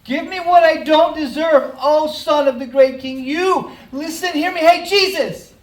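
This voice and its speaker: A preacher voicing a desperate blind beggar who shouts at the top of his lungs. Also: mid-range voice, huge pitch swings, moderate pace. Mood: desperate shouting. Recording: roomy hall, mic at a distance.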